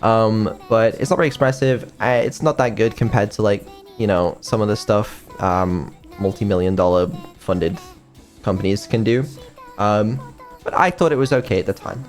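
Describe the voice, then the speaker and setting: Faint music accompanies this man's casual live stream as a developer. He sounds lowish at a normal speed, hesitating a lot with plenty of ums and swearing now and then.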